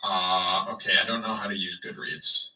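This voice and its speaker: A man's voice: deep voice, flat delivery, normal speed, pushed and bright, far from the mic, a little hiss or hum, low-quality recording. A man livestreaming in casual chat, rambling and sarcastic as he talks to his viewers.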